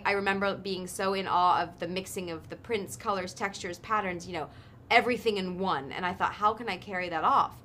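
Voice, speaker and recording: A woman's voice: lowish voice, sharp tone, a little hiss or hum. A woman in her thirties, an actress chatting in a casual interview, thoughtful and chatty with lots of ums and likes. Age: 30s. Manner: thoughtful, chatty, with frequent um and like fillers. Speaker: actress guest.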